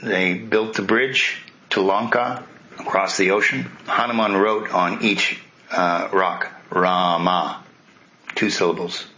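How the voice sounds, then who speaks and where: Male spiritual teacher, lowish voice, retelling scripture with chatty asides, slightly muffled recording with faint hiss. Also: fairly even intonation, unhurried, pushed and bright. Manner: conversational, with asides to listeners.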